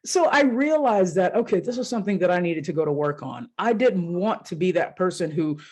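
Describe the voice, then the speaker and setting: A woman's voice: fairly low pitch, lively intonation, fairly quick, a little mellow. A woman coach hosts her podcast alone and talks straight to the listener. She tells her stories in a loose, candid way, with a swear word here and there. Now and then she acts out her own inner voices. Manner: casual and candid, with mild swearing. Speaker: life coach and podcast host. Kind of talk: solo podcast monologue.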